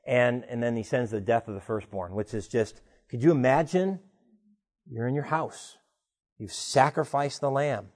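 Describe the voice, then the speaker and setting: Animated man preaching a sermon. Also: mid-range voice, normal speed. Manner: conversational, animated retelling with rhetorical questions. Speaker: pastor.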